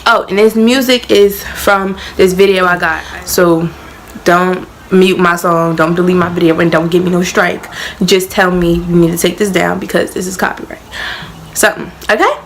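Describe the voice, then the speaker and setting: A woman's voice: on the low side, fairly even intonation, normal speed, distant mic, slight background noise. A young woman, joking her way through playful casual explanations. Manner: goofy, playful, chatty. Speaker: vlogger. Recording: roomy sound from off mic.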